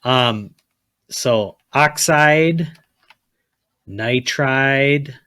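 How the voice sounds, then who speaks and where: A man teaches a chemistry class in a mid-range, pushed and bright voice, drawing out his words. He's blunt and repetitive, often checking in with "okay?" and telling students to write things down. There's no echo.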